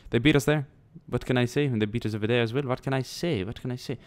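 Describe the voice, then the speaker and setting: A man's voice: mid-range voice, fast talker, a little mellow. A man giving casual, rambling commentary over a strategy game, thinking aloud and tossing in jokey asides. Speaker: let's play commentator.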